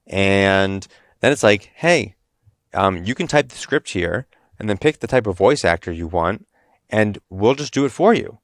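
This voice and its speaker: A man hosting a podcast, chatting casually and telling an animated, rambling story with restarts. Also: lowish voice, moderate pace, dry recording, clean studio sound. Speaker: podcast host. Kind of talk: casual chat.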